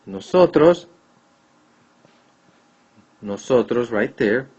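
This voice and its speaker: A man's voice: medium pitch, animated, extremely slow, darkish tone, breathy edge. A man teaching a Spanish grammar lesson, patiently repeating and checking answers aloud. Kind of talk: classroom lesson explaining grammar. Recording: dull lo-fi recording.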